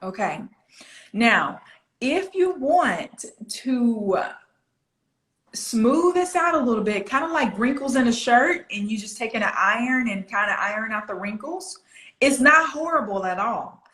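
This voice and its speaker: A woman's voice: fairly high pitch, expressive, unhurried, a bit bright, roomy sound. A woman from the United States, a pronunciation coach, patiently explaining and demonstrating phrasing over a video call. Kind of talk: coaching over an online interview.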